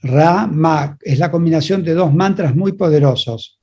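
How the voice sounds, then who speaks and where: A man's voice: fairly high pitch, moderate pace, mellow, slightly rough. A man interpreting a spiritual talk, relaying each passage in short phrases and restarting now and then.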